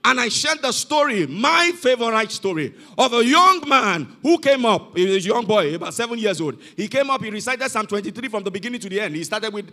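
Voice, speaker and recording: Male pastor, high animated voice, emphatic sermon delivery. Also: brisk, few pauses. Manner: emphatic, repeats "you are not hearing me". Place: church hall.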